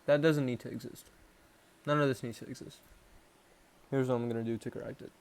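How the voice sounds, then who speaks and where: A man's voice: medium pitch, steady tone, a little fast, vocal fry, a little mellow. A young man with a Canadian accent talking casually to the camera in a rambling, self-mocking way, stopping and restarting often. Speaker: vlogger. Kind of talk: casual self-improvement vlog.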